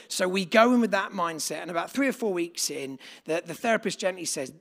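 A pastor preaching a sermon to a church crowd, chatty and direct as he asks them questions. His voice is gravelly with plenty of fry, and it sits a bit above the usual male pitch. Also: expressive, fast, hardly any pauses. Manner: conversational, asks the congregation questions. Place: church gathering with live congregation.

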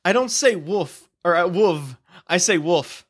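A man's voice: sits high, lively intonation, a little slow, husky. A man with an Ohio accent hosting a podcast, joking through casual banter. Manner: joking, playful. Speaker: podcast host.

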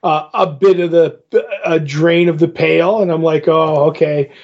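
A man in casual podcast chat, retelling comic scenes with quick quoted lines. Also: on the high side, steady tone, a little mellow, highs cut off. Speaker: podcast co-host.

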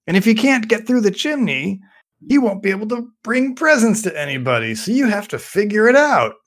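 A man's voice: high-pitched, big pitch swings, brisk, pitched above the performer's own voice. A man putting on the voice of a grouchy male puppet while retelling a story in a casual chat. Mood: puzzled. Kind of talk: acted quote in casual chat.

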